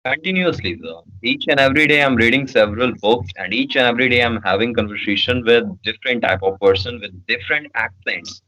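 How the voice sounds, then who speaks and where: A man's voice: mid-range voice, fairly quick, few pauses, bright, forceful tone, a little hiss or hum, poor audio. A man from Bihar with an Indian accent, answering interview questions in a hesitant way with many fillers. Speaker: guest.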